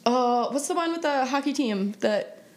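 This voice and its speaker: A woman's voice: high-pitched, lively intonation, moderate pace. A young adult woman co-hosting a podcast and chatting casually, with lots of "like" fillers and frequent giggles. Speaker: podcast co-host. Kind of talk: casual chat.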